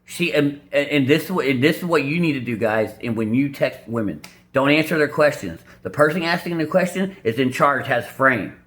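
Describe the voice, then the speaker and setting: A man giving blunt, crude dating advice over clips, mocking the people in them with squeaky put-on voices. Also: expressive, normal speed, fairly bright tone. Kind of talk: casual reaction commentary.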